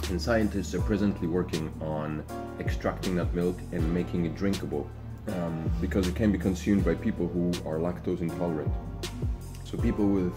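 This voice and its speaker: Deep-voiced man joking in a cafe. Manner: teasing, dry jokes. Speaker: vlogger. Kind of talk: casual chat. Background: music.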